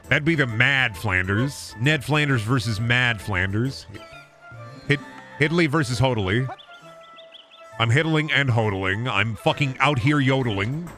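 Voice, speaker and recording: A man's voice: mid-range voice, measured pace, bright, forceful tone, soft background music. A young man commentating a video game, ranting and swearing in mock frustration. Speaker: streamer. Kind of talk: gameplay commentary.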